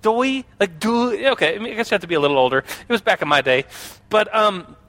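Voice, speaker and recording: Bright high-voiced man telling a story. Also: quick pace. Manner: chatty, many fillers, asks the audience questions; animated, acts out quoted voices. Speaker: speaker addressing a group. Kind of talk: casual storytelling to an audience.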